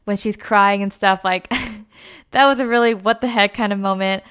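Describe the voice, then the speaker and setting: Young woman, movie review vlogger, chatty and filler-heavy, smooth clear voice. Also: mid-range voice, steady tone, normal speed, a bit bright. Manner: chatty, many fillers like "like" and "you know". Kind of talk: casual movie review vlog.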